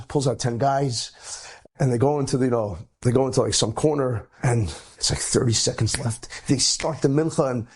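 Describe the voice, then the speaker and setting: A man, a rabbi, telling an inspirational story in an animated way, his voice jumping up high at dramatic moments. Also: husky.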